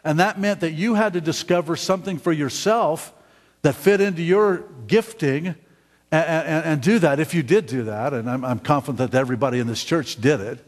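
A middle-aged man preaching a sermon as pastor, halting and repeating words, often asking the congregation questions. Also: a little high, long reverb tail. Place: church sanctuary.

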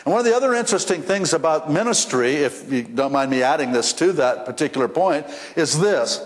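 Male pastor, mid-high voice, folksy sermon delivery with restarts, long church reverb. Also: lively intonation, a little fast, hardly any pauses. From western United States. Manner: folksy storytelling with frequent restarts and repeated words. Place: church sanctuary.

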